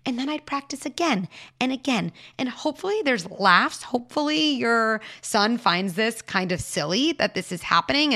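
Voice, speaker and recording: A woman hosting a show and giving parenting advice to a caller, explaining patiently and dropping into soft hushed asides. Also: a little high. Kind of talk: advice talk answering a caller.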